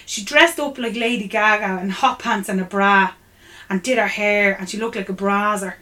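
An Irish woman co-hosting a podcast, chatting casually and teasing her brother with quick banter. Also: mid-range voice, bright, forceful tone. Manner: teasing, quick-witted banter with frequent laughs. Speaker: podcast co-host. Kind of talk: casual chat.

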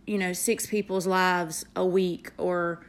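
Slow-talking Southern woman, earnest. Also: fairly low pitch, level tone. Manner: earnest, heartfelt, with pauses and fillers. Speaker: nurse vlogger. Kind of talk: motivational vlog.

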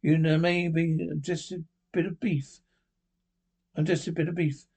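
A man's voice: a little high, flat delivery, measured pace, darkish tone, husky. A man reading aloud and voicing a frightened old miser, with nervous stumbles. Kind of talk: storybook reading.

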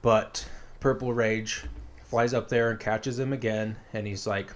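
A man's voice: lowish voice, steady tone, unhurried. A man casually retelling a story as a podcast co-host, rambling with lots of fillers.

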